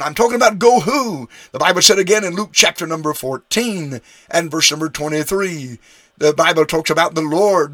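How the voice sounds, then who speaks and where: A man's voice: a little high, bright, forceful tone, no echo. A man preaching a radio sermon, emphatic, his voice rising on key phrases. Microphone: studio radio microphone.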